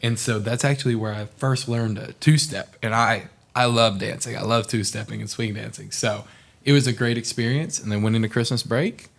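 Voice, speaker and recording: A man's voice: mid-range voice, moderate pace, creaky. A young man from Oklahoma, a podcast guest, telling stories in casual chat and acting out the people in them. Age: young adult. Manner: animated storyteller, acts out quoted people.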